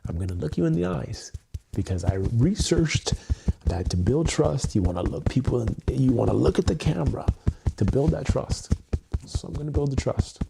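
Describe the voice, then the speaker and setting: A content creator talks alone to his webcam mic on a livestream, looking into the camera and doing EFT tapping. His mid-range, creaky voice is expressive and moderately paced, with background noise, and he is earnest and emotional, swearing freely and repeating himself as he works through his feelings.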